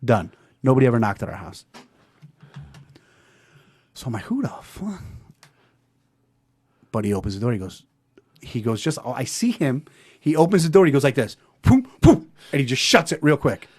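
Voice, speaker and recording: A man hosting a podcast, telling a story in a casual, animated way and acting out the dialogue. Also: medium pitch, a little fast, pauses often, husky. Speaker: podcast host.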